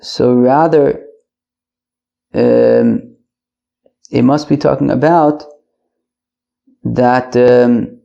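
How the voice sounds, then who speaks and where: A man's voice: medium pitch, fairly even intonation, drawn-out words, long pauses, dark tone, dull audio. A man teaching a casual Talmud class, loose and chatty, sprinkling in Yiddish and Aramaic terms. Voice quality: gravelly.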